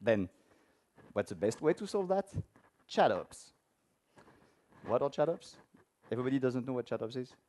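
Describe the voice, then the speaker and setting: A man's voice: mid-range voice, big pitch swings, normal speed, pauses often, mellow. A man giving a technical conference talk with a live demo, speaking informally and asking the audience questions. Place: conference room before an audience.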